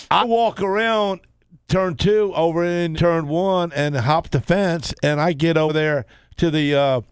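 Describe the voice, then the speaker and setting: A man's voice: on the high side, clear, resonant tone, no echo, clean studio sound. A man, telling a long story on a radio talk show, rambling and restarting often.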